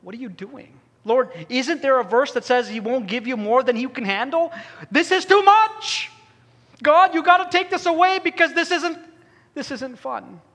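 A man's voice: fairly high pitch, expressive, measured pace, sharp tone, husky, big-room sound, heavily acted. A man voicing his anguished mother, crying out in prayer at her son's hospital bed. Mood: anguished pleading. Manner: pleading, cries out to God.

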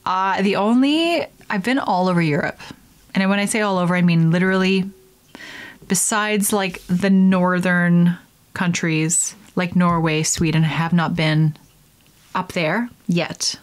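A young woman chats casually as the host of her own podcast. She is animated and talkative, and she drops into silly voices when she quotes people. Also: fairly low pitch. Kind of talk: casual solo podcast chat.

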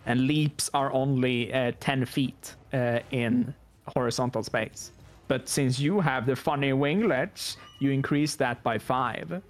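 A man playing a tabletop game, explaining his attacks in a halting way with many fillers. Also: medium pitch. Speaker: player.

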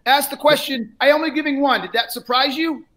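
A man coaching a salesperson in a live role-play, blunt and profane, lecturing and often raising his voice. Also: a little fast. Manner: often shouts, then drops low.

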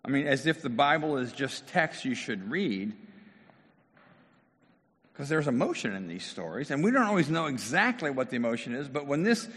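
A male pastor giving a lively, conversational sermon. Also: medium pitch, moderate pace, husky. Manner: animated, conversational preaching. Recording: long hall reverb.

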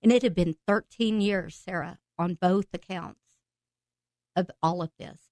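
On a dry recording, a woman with a lowish voice tells her personal testimony of faith unhurriedly as a podcast guest. She's emotional, laughing and letting out excited outbursts as she goes.

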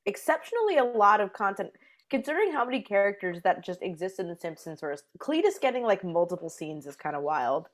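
A woman's voice: medium pitch, sing-song, fairly quick. A woman co-hosting a casual podcast who gives blunt, critical opinions. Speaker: podcast co-host.

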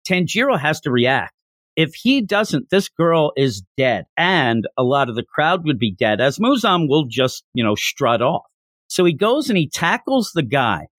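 An animated male podcast host retells a chapter with enthusiasm. His fairly high voice rises and falls a lot. The sound is close and dry, with no room echo. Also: measured pace. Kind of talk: casual chapter recap.

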